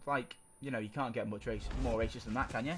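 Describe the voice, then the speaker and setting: A man's voice: mid-range voice, fairly even intonation, quick pace, a bit bright. A man co-hosting a casual podcast, arguing his opinions in a rambling way and often stopping to search for words. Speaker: podcast co-host. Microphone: desk microphone. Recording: noisy amateur podcast recording.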